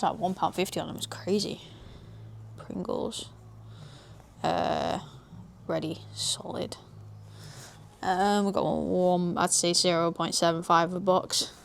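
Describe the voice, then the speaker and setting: A woman's voice: lowish voice, creaky, slight background noise. A British woman in her twenties, chatting casually in a vlog about running her small business, easily sidetracked and swearing lightly. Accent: British English. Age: 20s. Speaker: vlogger, small business owner. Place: small home office indoors.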